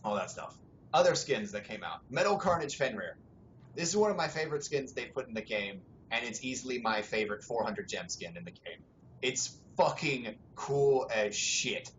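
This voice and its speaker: A young man hosting a casual gaming podcast, rambling in a relaxed way, swearing freely and laughing often. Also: mid-range voice, a little fast. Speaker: podcast host. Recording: dull lo-fi sound, faint background noise.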